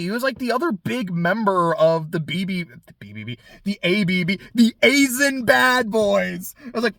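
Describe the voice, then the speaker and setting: A young man reacting to a book in casual chat, animated, swearing freely and laughing often. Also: high-pitched, normal speed, vocal fry, hardly any pauses, no echo.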